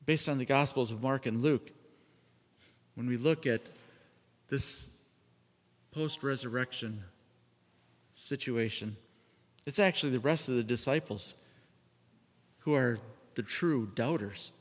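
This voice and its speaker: A man delivers a sermon in a relaxed, conversational tone, at times slipping into other voices for the people he quotes. His voice sits at an ordinary middle pitch. It rings out with a long reverb, as if he is speaking in a large hall. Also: takes it slowly, long pauses. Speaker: preacher.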